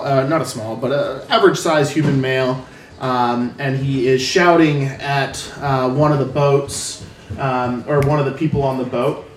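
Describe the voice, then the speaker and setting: A man's voice: medium pitch, roomy sound, far from the mic. A man narrating a tabletop game as game master, rambling with many fillers. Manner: rambling, filler-heavy description.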